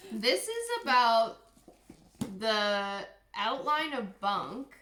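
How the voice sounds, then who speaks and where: A woman co-hosting a loose, casual podcast, her fairly high voice swinging lively up and down as she swears and jokes. She sounds like she's in an echoey room. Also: drawn-out words, a little hiss or hum. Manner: swears freely, bursts into laughter. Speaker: podcast co-host. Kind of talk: casual chat, reading old books aloud.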